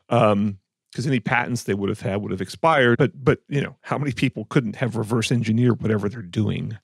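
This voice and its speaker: A man's voice: mid-range voice, a little fast, creaky, slightly rough, no echo, clean studio sound. A man co-hosting an audio podcast, casually and skeptically picking apart claims, rambling with restarts. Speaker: podcast co-host, audio reviewer. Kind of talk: casual chat.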